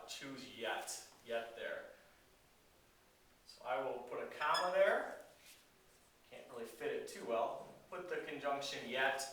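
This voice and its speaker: A man, an English teacher, giving a recorded grammar lecture in a relaxed, explanatory way with frequent fillers. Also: fairly high pitch. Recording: very echoey room, voice from a distance.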